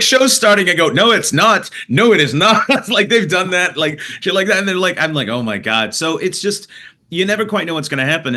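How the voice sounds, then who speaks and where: Canadian comedian guy, bright tense voice, swears a lot, tells stories fast and loose. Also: medium pitch. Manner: animated anecdote-telling with profanity and laughter. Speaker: comedian guest. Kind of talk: storytelling in a podcast interview.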